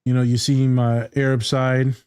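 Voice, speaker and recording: Irreverent guy therapist on a podcast, warm mellow voice, swears a bit. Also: mid-range voice, flat delivery, moderate pace, clean tone, no room sound, clean studio sound. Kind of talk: casual podcast chat.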